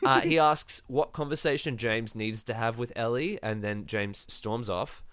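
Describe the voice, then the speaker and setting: A man's voice: medium pitch, a little slow, fairly bright tone, clear, resonant tone, no echo. A man hosting a podcast, casually recapping a reality show with wry, dry asides. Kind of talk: casual chat.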